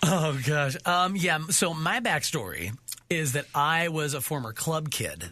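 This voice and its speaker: Animated, bright-voiced man hosting a podcast. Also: on the high side, unhurried, no echo. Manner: animated, playful. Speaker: podcast host. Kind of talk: casual chat.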